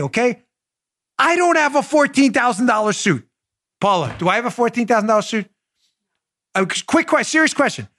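A male talk show host with a high voice delivers political commentary. He is sarcastic and animated and speaks straight to his listeners. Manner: sarcastic, animated, talks to the audience directly.

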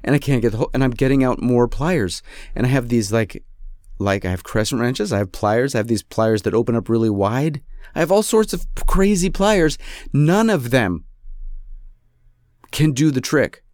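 A man's voice: mid-range voice, normal speed, a little mellow, no room sound. Exasperated man ranting in a dry room. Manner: exasperated, self-mocking ranting. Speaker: podcast host. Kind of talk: casual comedic storytelling.

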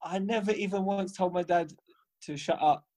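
A man's voice: sits high, normal speed. Slangy man telling stories. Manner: animated anecdote-telling, slangy and profane. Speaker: podcast co-host. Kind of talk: casual chat, storytelling.

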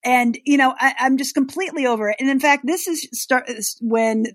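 A woman's voice: high voice, brisk, dry recording, clean studio sound. A woman chatting as a podcast guest, emphatic and opinionated, with many fillers. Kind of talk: casual chat.

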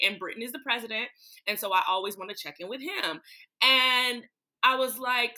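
Bright-voiced woman, animated talker. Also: on the high side, moderate pace. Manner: animated, emphatic storytelling. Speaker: podcast guest, advocacy organizer. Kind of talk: casual conversation.

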